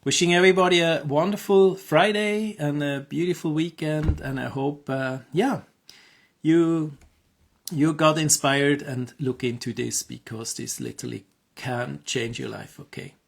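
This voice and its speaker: Male health coach, casual to-camera pitch, gravelly edge to the voice, halting with lots of fillers. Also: steady tone. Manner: hesitant, many fillers and restarts; earnest, encouraging. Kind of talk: casual promotional monologue.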